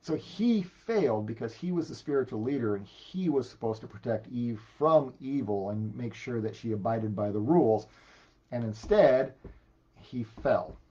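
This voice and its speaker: A man preaching a sermon as a pastor, animated, repeating words when he gets emphatic. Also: mid-range voice, moderate pace, muffled recording.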